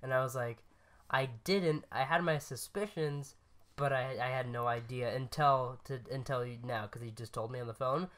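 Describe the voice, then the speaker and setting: A man's voice: mid-range voice, steady tone, moderate pace, fairly bright tone. A man co-hosting a podcast, telling a story in casual chat, rambling and correcting himself, laughing at his own lines. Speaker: podcast co-host.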